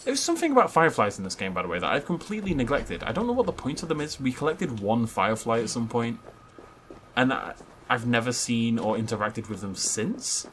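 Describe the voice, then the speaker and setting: A young man casually narrating his gameplay, chatty and self-mocking, drifting into long anecdotes. His medium-pitched voice swings widely up and down as he talks. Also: very animated, brisk, fairly bright tone, slight background noise. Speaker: gaming video host. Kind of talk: casual let's play commentary.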